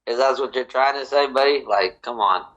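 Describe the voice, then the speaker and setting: A man's voice: mid-range voice, fairly quick, a bit bright, highs cut off. A man co-hosting a casual sports podcast, joking and mocking as he talks. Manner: joking, mocking, acts out quotes. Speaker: podcast co-host.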